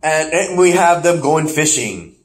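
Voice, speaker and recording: A man's voice: a little high, animated, measured pace. A man hosting a podcast, casually recapping wrestling shows and acting out the wrestlers in put-on voices. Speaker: podcast host.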